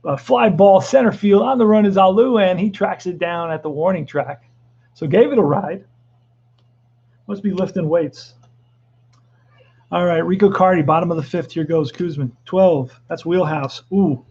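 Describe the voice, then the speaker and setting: A middle-aged man doing excitable play-by-play commentary of a tabletop baseball replay, with joking asides. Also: high voice, breathy edge, highs cut off.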